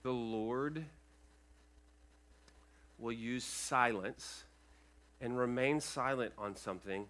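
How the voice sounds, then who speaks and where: Man preaching, bright voice, earnest, loud peaks and hushed asides, asks the room questions. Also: slow pace, pauses often. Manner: earnest, swings from loud emphatic peaks to quiet lowered asides; addresses the congregation with checking questions. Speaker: pastor. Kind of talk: sermon. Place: church sanctuary, speaking over a sound system.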